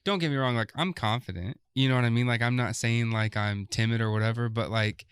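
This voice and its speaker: A man's voice: mid-range voice, fairly even intonation, brisk, smooth, dry recording. A young man co-hosting a casual podcast chat, filling his talk with "like" and "you know what I mean". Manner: filler-heavy, says "like" constantly. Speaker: podcast co-host.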